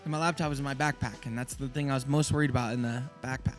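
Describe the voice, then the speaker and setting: A man who owns a small business, telling a story in a casual, animated way. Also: medium pitch, soft background music. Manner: animated, fast-talking.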